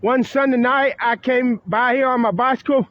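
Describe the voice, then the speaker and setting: A vlogger in his fifties rants angrily to camera outdoors at night beside a church, swearing heavily and repeating himself bitterly. His voice is extremely high, his tone steady and pace moderate, and the lo-fi audio carries a little hiss or hum.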